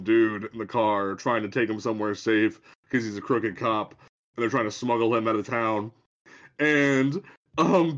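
A man co-hosting a podcast, chatting casually about a comic book in a rambling way. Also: medium pitch. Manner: rambling, quotes lines in put-on voices. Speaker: podcast co-host. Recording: dull lo-fi sound.

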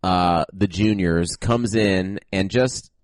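A man's voice: low voice, slow pace, no room sound, studio quality. A man co-hosting a comedy podcast, recapping the plot with jokes and silly voices. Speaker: podcast co-host. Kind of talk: casual comedic podcast chat.

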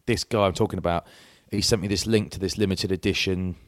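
A man's voice: low-pitched, steady tone, quick pace, no echo, clean studio sound. A middle-aged man in casual chat, telling anecdotes that ramble and restart. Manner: rambling anecdotes with self-interruptions. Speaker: podcast co-host.

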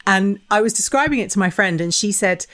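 Woman, podcast guest, giggly, animated, middle pitch, casual chat. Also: a little fast.

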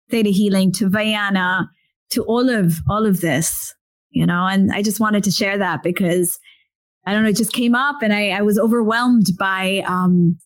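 A woman hosting a podcast about love, talking in an effusive way and often repeating herself. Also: mid-range voice. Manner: warm, effusive, repeats phrases. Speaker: podcast host. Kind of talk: casual podcast interview.

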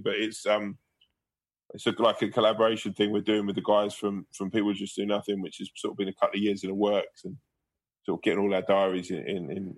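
A man, a guest comedian, telling rambling anecdotes in a casual interview, laughing and swearing as he goes. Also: fairly low pitch.

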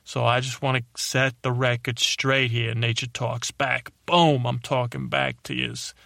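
A man doing a cranky, loudmouthed male butterfly with a put-on tough-guy accent, ranting and rambling at humans in a comedic monologue. The voice sits in a middle pitch and sounds close and dry, with no room around it. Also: level tone, rapid-fire, creaky, no room sound.

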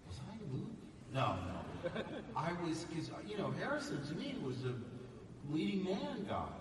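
A man telling stories to a live audience in a lively way, acting out the voices of other people. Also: on the high side, moderate pace. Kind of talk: animated storytelling on stage. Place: large hall with a live audience. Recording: echoey hall, voice from far off, background noise.

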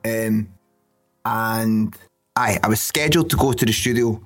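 A man's voice: lowish voice, unhurried, fairly bright tone, faint music behind. A Scottish man chatting casually as a podcast host, rambling, swearing freely and laughing. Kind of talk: casual chat.

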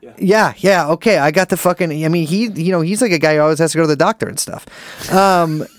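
A man's voice: fairly high pitch, fast, no echo. A man co-hosting a podcast in casual, rambling and profane chat, joking and restarting his sentences. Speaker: podcast co-host.

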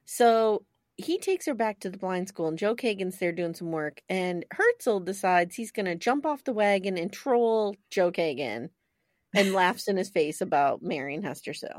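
A woman co-hosting a podcast in casual chat, animated and laughing often as she talks. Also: mid-range voice, moderate pace, no echo, clean studio sound. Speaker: podcast co-host.

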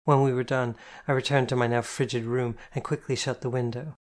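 Steady first-person audiobook narrator. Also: medium pitch, brisk. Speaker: audiobook reader.

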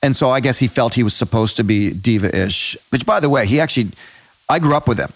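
A man hosting an interview, chatty and quick to jump into his own stories. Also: mid-range voice, no room sound. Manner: chatty, jumps into anecdotes. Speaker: interview host. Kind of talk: casual interview chat. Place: by Georgian Bay during a thunderstorm.

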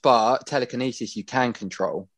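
A man's voice: medium pitch, moderate pace, dry recording. A man co-hosting a casual podcast, joking, swearing and laughing with friends. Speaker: podcast co-host. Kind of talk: casual banter.

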